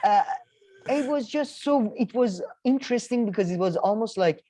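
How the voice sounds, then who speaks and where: A man co-hosting a casual film review chat, rambling with many restarts and animated asides. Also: high voice, normal speed, no echo. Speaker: co-host.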